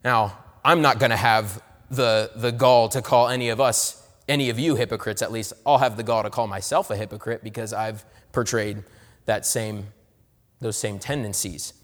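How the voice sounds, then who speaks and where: A man preaching a sermon, swinging between loud emphatic lines and soft, low asides. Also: steady tone, normal speed, long reverb tail.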